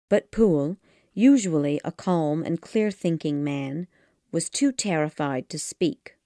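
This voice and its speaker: Low, dark-voiced woman narrating a classic tale. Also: no room sound, clean studio sound. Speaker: audiobook narrator. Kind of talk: scripted audiobook narration.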